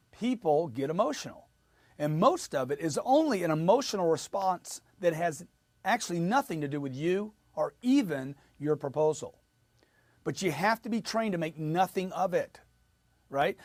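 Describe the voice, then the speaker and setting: Guy coaching on sales, punchy and repetitive, bouncy pitch, dry sound. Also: dry recording. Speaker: sales trainer. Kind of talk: motivational sales lesson.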